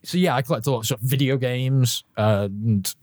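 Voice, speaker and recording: A man's voice: mid-range voice, moderate pace, darkish tone, no room sound, studio quality. A man co-hosting a podcast in casual chat, rambling and self-deprecating, with frequent swearing. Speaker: podcast co-host.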